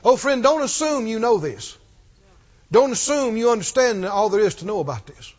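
A man preaches with an unusually high voice that swoops up and down as he hammers the same phrases again and again. He calls on his congregation to say the words back to him. The dull, muffled recording rings with the long reverb of a large hall. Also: big pitch swings, normal speed. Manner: emphatic and repetitive, leads call-and-response. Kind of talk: sermon. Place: church.

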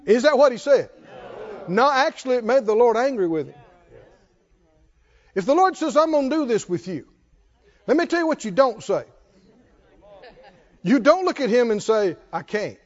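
A man's voice: extremely high pitch, very animated, moderate pace, pauses often. A man preaching a sermon, emphatic with call-and-response and chuckling asides, in a dull lo-fi recording.

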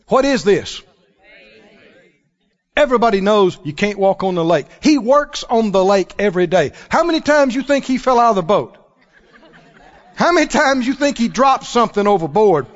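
A man preaching a sermon, emphatic and animated, often breaking into laughter. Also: sits high, normal speed. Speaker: pastor. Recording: dull lo-fi recording.

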